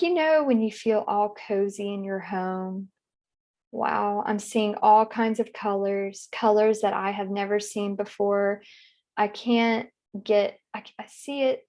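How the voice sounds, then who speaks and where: Woman client in trance, speaking slowly and dreamily, halting and emotional, medium pitch. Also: vocal fry, darkish tone. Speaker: session client. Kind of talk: narrating a guided trance session.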